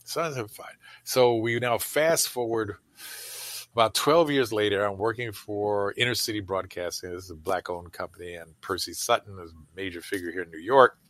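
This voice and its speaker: An older man spins long, meandering anecdotes, his speech full of "you know" and quick laughs. His voice is low-set but bright and forceful. The sound is dry and close, with almost no room in it. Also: no room sound. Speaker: interviewee. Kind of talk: casual storytelling.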